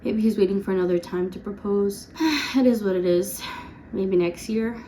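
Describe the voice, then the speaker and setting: A woman in her twenties telling a personal story to camera in a casual storytime vlog, chatty and full of "like" and quick laughs. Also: mid-range voice, steady tone, mellow, slight background noise. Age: 20s. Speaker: vlogger.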